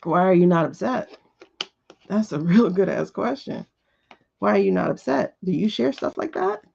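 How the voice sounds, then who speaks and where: Woman livestream host, gravelly voice, swooping pitch, blunt rhetorical questions, dull lo-fi audio. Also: lively intonation, normal speed, dark tone, slight background noise. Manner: fiery, repetitive rhetorical questions, blunt and profane. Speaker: host of a live tarot show. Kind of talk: casual opinionated talk on a livestream.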